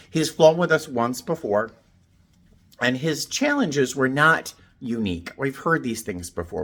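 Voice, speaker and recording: A man in his fifties talks to his camera from a hotel room, an easygoing flight attendant telling stories. He is chatty and animated and slips into little voices to quote people. His voice sits at an ordinary, mid-range pitch. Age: 50s. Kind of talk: casual vlog chat.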